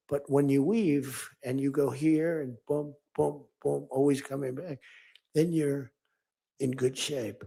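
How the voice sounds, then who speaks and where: An older man speaks at a press conference in a raspy, gravelly voice set a little high. He digresses and repeats himself, and he acts out both sides of his conversations. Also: darkish tone. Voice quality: gravelly and husky. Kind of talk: rambling off-the-cuff speech.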